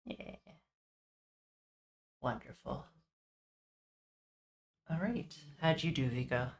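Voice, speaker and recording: A woman narrating as game master for a tabletop game, halting with many fillers. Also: rumbling low, wildly swooping pitch, creaky.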